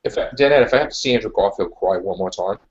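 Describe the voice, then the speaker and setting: A man's voice: on the low side, racing, dull audio. A man hosting a casual podcast chat, ranting emphatically and repeating his points. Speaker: podcast host.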